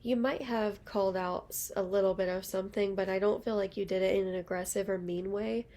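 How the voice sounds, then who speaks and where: Young woman, casual tarot reader, rambling and chatty, gravelly fry. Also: medium pitch, steady tone, brisk, warm tone. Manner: chatty, rambling, lots of fillers. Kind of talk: casual tarot reading to camera.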